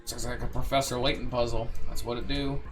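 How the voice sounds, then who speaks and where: A man's voice: mid-range voice, fairly even intonation, brisk, music in the background. A man hosting a let's play, reading the game's text aloud and adding casual, joking asides.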